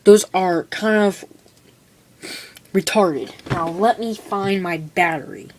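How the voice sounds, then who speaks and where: A woman's voice: lowish voice, slow pace. Chatty girl in a noisy home video. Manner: rambling, chatty, full of "like" and "okay". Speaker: hobbyist showing a build. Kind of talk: casual how-to demonstration.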